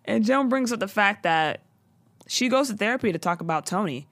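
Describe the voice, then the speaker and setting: Woman co-host. Casual recap with a lot of swearing and acted-out quotes. Very animated pitch. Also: brisk, a little hiss or hum. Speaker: podcast co-host recapping a TV show. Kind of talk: casual chat.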